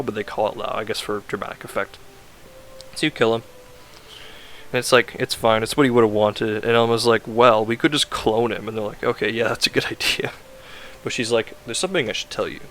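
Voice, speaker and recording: A man's voice: medium pitch, bright, forceful tone, a little hiss or hum. A man casually rambling through a recap of a video game plot, full of "like" fillers and self-corrections.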